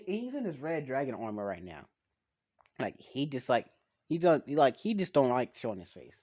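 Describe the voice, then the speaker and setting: A man's voice: mid-range voice, very animated, moderate pace, warm tone. Rambling, cursing man reading a story. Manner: rambling, profane, stumbling over words. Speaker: story reader. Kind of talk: casual reading of fan fiction aloud.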